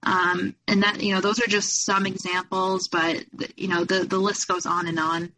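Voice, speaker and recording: A woman's voice: medium pitch, little pitch movement, normal speed, sharp tone, a little hiss or hum, poor audio. A young adult woman speaking candidly as a podcast guest, retelling past events with lots of quoted dialogue. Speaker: guest, abuse survivor. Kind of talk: personal storytelling in a podcast interview.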